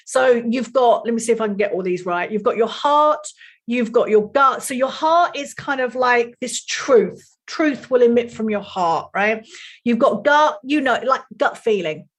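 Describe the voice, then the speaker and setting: A middle-aged woman coach being interviewed, with a slightly high voice. She talks in a blunt, lively way and swears freely. Her speech comes across as frank and unfiltered. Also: moderate pace. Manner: blunt, profane, animated. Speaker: life and sex coach. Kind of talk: casual podcast interview.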